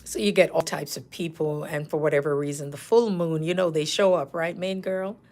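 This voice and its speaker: Animated woman telling nursing stories. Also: deep voice, moderate pace. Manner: animated, laughing, acts out patients' lines. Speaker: nurse coach and channel host. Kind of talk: casual storytelling.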